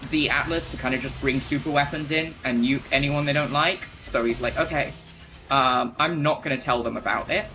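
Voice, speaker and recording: A man casually retelling a game's story as he plays, rambling with plenty of fillers and restarts. His voice is bright and forward at an ordinary pitch. A faint background hum sits under him. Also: low-quality recording. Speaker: gamer retelling game lore. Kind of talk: casual storytelling while playing.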